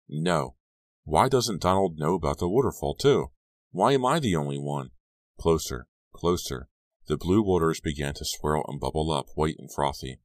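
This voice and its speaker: A man narrating a young adult novel as an audiobook, in a measured, steady storytelling manner. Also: very deep voice, no room sound. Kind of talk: scripted narration.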